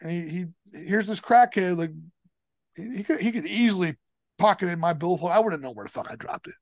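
A man's voice: high-pitched, animated, fairly quick, no room sound, clean studio sound. A man telling a long story as a podcast guest, swearing constantly and rambling emphatically. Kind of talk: casual storytelling.

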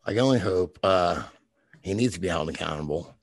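Man from Boston, lowish husky rasp, profane storyteller, dry recording. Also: expressive, a little fast, dry recording. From Boston, raised in the US South from age eleven. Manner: profane, laughing storyteller who talks in restarts. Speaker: guest, video maker. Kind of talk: casual podcast chat.

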